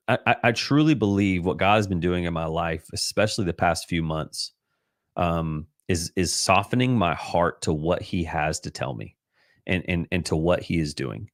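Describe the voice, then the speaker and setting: A middle-aged man with a very low voice speaks earnestly and with open emotion in a casual faith livestream. He rambles, restarts his sentences and fills pauses as he shares personal thoughts. The sound is dry and close, with almost no room echo. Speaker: livestream host. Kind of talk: casual devotional livestream talk. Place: home livestream. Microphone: computer livestream mic.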